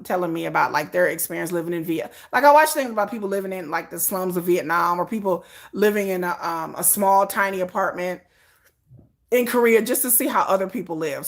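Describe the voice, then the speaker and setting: Woman vlogger going off, bright sharp voice, sarcastic and fed up, cusses a lot. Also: medium pitch. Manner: sarcastic, exasperated, swears freely; mocks others in exaggerated quoted voices. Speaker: K-pop news commentator. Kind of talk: ranting commentary vlog.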